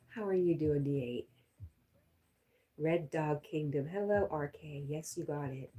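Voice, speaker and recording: A woman with a notably low voice chats easily on a live stream. She reads out viewer comments in a relaxed, talkative way and laughs often. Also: unhurried, long pauses. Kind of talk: casual live-stream chat reading comments.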